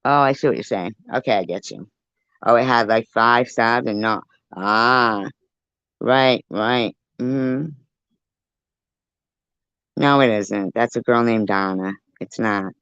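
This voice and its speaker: Low-voiced woman ranting angrily. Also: takes it slowly, long pauses, fairly bright tone, clear, resonant tone, no room sound. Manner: heated, profane, talking back to chat. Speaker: livestreamer. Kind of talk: angry livestream rant. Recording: dull lo-fi stream audio.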